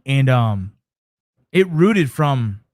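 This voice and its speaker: A man's voice: medium pitch, big pitch swings, very slow, a little mellow, no echo. Emphatic man talking in a dry room. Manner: emphatic, repetitive, swears casually. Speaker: show host. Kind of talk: casual livestream chat.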